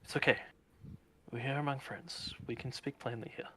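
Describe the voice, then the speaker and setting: Guy playing a calm protective woman, quiet and soothing, in a tabletop game. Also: mid-range voice, a little slow, close to an everyday voice.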